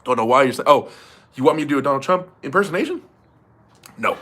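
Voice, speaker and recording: A man's voice: medium pitch, lively intonation, fast, a bit bright. A young man hosting a livestream, reading super chats in loose casual chat, swearing and laughing often.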